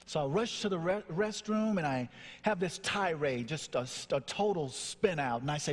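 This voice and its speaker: Speaking on stage as a motivational speaker, a Nashville, Tennessee man tells a personal story, dramatically acting out the voices of its characters. His voice sits on the high side and is animated, at a moderate pace. A long hall reverb surrounds the recording.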